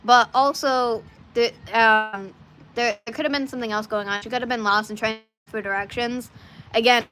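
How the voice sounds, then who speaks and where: A woman's voice: a little high, bright, forceful tone, slight background noise. A woman chatting casually to her live audience, rambling through stories with frequent restarts and asides. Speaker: livestreamer.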